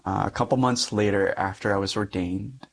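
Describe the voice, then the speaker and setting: A man's voice: lowish voice, moderate pace, vocal fry. A young adult man, a Catholic priest, giving a personal testimony in conversation, acting out the dialogue in his story with frequent light laughs.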